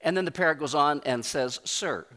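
Pastor, male, emphatic sermon delivery, a bit high-pitched, long hall reverb. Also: bright, forceful tone. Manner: emphatic preaching with pauses and repeats.

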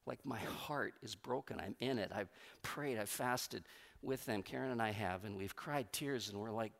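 A middle-aged man preaching a sermon as pastor, conversational and animated, swinging between loud emphatic bursts and quiet, soft passages. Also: mid-range voice, measured pace, vocal fry. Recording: long hall reverb.

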